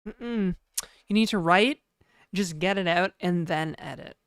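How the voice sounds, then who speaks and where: A young woman talks through a casual livestream, rambling and filling gaps with "like" while poking fun at herself. Her voice sits a little low and comes across smooth and clean. The sound is close and dry, with no room around it. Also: measured pace, dry recording. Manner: rambling, self-deprecating, heavy use of "like". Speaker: streamer.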